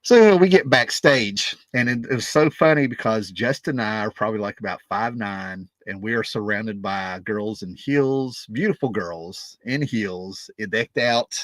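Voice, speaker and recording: A man's voice: on the low side, dry recording. A man in his fifties telling a rambling, casual story as a music vlogger, often checking in with "right?" and "you know".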